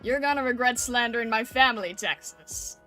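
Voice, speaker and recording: A woman's voice: on the high side, moderate pace, pushed and bright, soft background music, voice pushed down. A woman voicing a cocky male mafia gangster, talking in a threatening tough-guy way.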